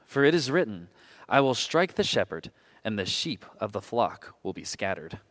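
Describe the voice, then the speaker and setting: A man reading scripture aloud in a slow, solemn group reading. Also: medium pitch, big pitch swings, fairly bright tone. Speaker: scripture reader.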